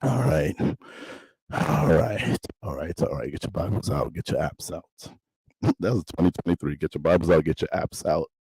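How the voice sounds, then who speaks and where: A man's voice: very deep voice, lively intonation, normal speed, a little mellow, breathy edge, dry recording. Joking man preaching a mock sermon. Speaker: astrologer and livestream host. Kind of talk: mock sermon livestream chat.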